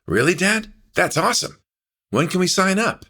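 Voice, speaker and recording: A man's voice: low voice, animated, brisk, fairly bright tone, slightly rough, pitched above the performer's own voice, exaggerated voice. A man doing an eager teenage boy. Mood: excited. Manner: upbeat, questioning, casual teen talk. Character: eager teenage boy, shy but chatty son.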